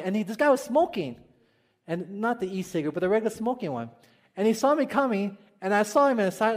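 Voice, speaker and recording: A man from Hawaii with a Hawaiian accent, a pastor preaching a sermon in a storytelling way, often asking the congregation questions and laughing at his own jokes. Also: high-pitched.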